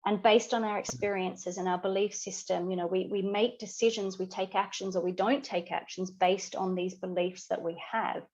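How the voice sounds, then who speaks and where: A woman's voice: mid-range voice, steady tone, moderate pace, few pauses, a little mellow, dull audio. A woman guest who coaches business builders, explaining ideas earnestly in a reflective podcast conversation, with many "you know" asides.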